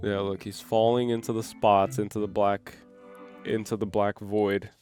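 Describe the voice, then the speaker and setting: A man co-hosting a movie reaction, chatting casually and repeating excited exclamations. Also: fairly low pitch, moderate pace, soft background music.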